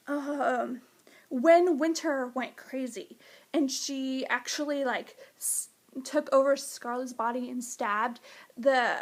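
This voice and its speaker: A woman reviewing a book in a casual vlog, gushing and excitable, jumping up into high squeals.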